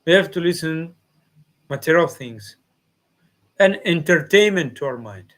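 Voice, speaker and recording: Slow, high-voiced man teaching a devotional class. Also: expressive, a bit bright. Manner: slow, simple non-native phrasing, acts out devotees' replies. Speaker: spiritual teacher.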